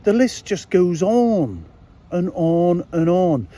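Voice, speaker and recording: This political vlogger, a middle-aged man from England, speaks slowly in a high, mellow, sing-song voice. His casual rant is indignant and full of swearing, and he keeps throwing rhetorical questions at his audience.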